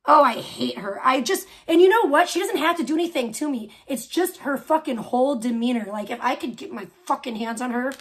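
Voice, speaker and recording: Streamer, woman, high voice, loud profane scornful ranter. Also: lively intonation, a little fast, few pauses. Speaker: livestream host. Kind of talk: profane livestream rant.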